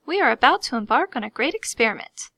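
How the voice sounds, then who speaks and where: A woman's voice: on the high side, big pitch swings, fast talker, a bit bright, no echo, full character voice. A woman voicing a bossy, snappish old woman who gives curt, impatient orders in a storybook reading. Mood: strained.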